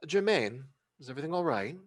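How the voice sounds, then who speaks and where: A man voicing an eerie, gracious woman who welcomes guests in a smooth, unhurried way. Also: a little high, sing-song, voice pushed up. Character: eerie, gracious, pale-haired woman host.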